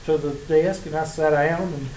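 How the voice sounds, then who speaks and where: Speaking at a normal pace with fairly even intonation, a man with a fairly high, darkish voice and a Southern accent jokes with and teases his college math students while telling stories in a folksy lecture. There's slight background noise along with the classroom's echo and faint ambience.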